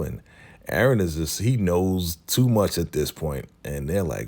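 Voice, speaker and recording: A man's voice: sits low, a little slow. A man hosting a casual TV recap, talking conversationally and acting out the scenes. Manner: animated, conversational, acts out scenes. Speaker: recap host.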